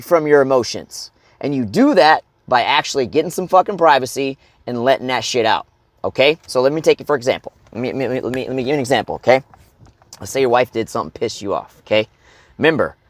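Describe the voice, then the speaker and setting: A man's voice: medium pitch, no echo, studio quality. A middle-aged man coaching other men, talking bluntly with heavy swearing and checking in with "okay?" and "right?". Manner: blunt and heavily profane, keeps asking "okay?" and "right?". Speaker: life coach. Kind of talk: motivational advice talk.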